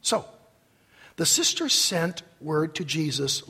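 A man preaching a sermon as pastor, leading the congregation in slow, emphatic repetition in a church sanctuary. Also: high-pitched, expressive, fairly bright tone, husky. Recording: long reverb of a large hall.

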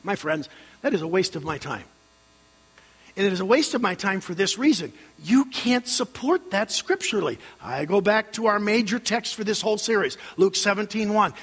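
An older male pastor preaches with a high, lively voice that swoops up and down as he leads his congregation in call-and-response. His tone is husky, and the sound rings with the long reverb of a church hall over a faint mains hum. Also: normal speed. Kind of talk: sermon. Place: church sanctuary.

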